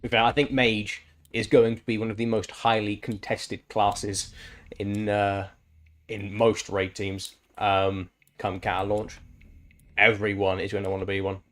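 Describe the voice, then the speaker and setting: A man's voice: fairly low pitch, flat delivery, measured pace, fairly bright tone. Chatty man streaming a game. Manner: chatty, enthusiastic, swears freely. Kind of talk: casual chat while gaming.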